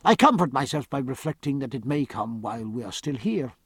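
A man's voice: medium pitch, big pitch swings, a little fast, a bit bright, breathy edge, no room sound, studio quality. A man voicing a learned male ship's surgeon who speaks dryly and precisely.

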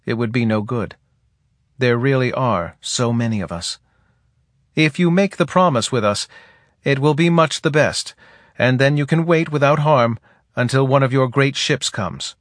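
Guy reading as a quiet alien forest chief, slow and measured, kinda sing-song, dry close sound. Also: mid-range voice, dry recording, lightly acted. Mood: calm, grave. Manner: soft, measured, faintly singing speech. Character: calm grave male alien forest native leader. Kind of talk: audiobook character reading.

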